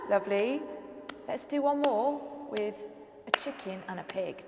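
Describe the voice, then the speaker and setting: A woman's voice: medium pitch, a little slow, darkish tone, roomy sound, big-room sound, a little hiss or hum. A woman leading a toddler music session with nursery rhymes, songs and animal noises, coaxing the group to clap and join in. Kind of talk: sing-song rhymes and songs for small children. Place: church hall.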